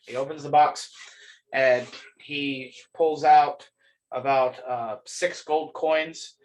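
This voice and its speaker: A man running a tabletop game as game master, narrating in a relaxed, halting way with many pauses. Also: medium pitch.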